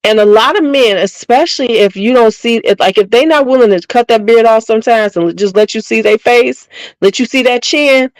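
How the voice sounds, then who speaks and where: A woman's voice: fairly high pitch, brisk, no room sound, poor audio. Middle-aged lady gossiping to her viewers, blunt and slangy, dry close sound. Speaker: beauty channel host. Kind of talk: casual chat to viewers.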